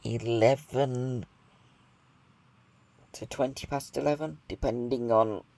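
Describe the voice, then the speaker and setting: A man's voice: mid-range voice, steady tone, creaky, mellow. A British man giving casual commentary over a train simulator game, thinking aloud as he goes. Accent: British English. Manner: musing aloud, slow and thoughtful. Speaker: gaming video creator.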